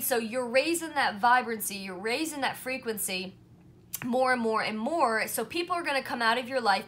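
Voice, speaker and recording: A woman with a fairly high, slightly bright voice does a casual pick-a-card tarot reading to camera. She's chatty and reassuring, often checking in with "right?" and "you know."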